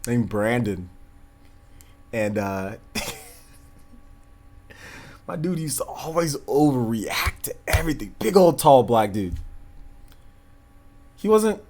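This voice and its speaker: Hosting a laid-back livestream, this thirtysomething man rambles through anecdotes and breaks into laughter frequently. He speaks slowly with frequent pauses, in a medium-pitched, darkish voice that swings widely in pitch.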